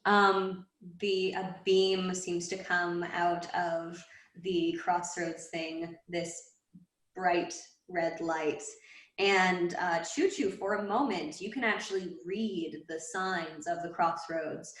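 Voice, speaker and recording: A woman narrating a tabletop game as game master, slow and halting with many fillers. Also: lowish voice, steady tone, a bit bright, echoey room, poor audio.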